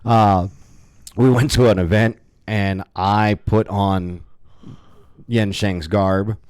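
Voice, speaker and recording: A man co-hosting a casual podcast, telling stories in a rambling, animated way with many restarts. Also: lowish voice, slow pace, smooth, dry recording. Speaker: podcast co-host. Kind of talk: casual chat.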